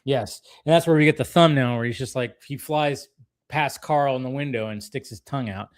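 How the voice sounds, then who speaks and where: A man in casual conversation, walking through a cartoon episode scene by scene. He laughs often and slips into playful voices for the characters. His pitch sits in a middle range. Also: fairly quick. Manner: animated, laughs often, acts out characters' lines. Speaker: podcast co-host.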